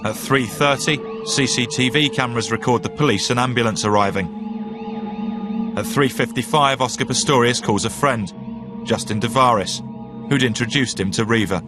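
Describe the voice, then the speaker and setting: A man giving scripted documentary narration in a steady, even delivery. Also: medium pitch, normal speed. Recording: narration over loud music.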